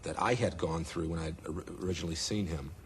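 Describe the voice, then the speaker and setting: Low-voiced man telling an animated story. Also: fast talker, a little hiss or hum. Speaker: interviewee. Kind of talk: storytelling interview.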